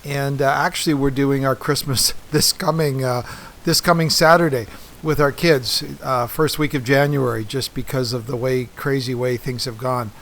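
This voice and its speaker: A man's voice: medium pitch, steady tone, normal speed, a bit bright, slight background noise. A middle-aged man hosting a podcast in a casual monologue, rambling with many ums, uhs and restarts. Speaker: podcast host.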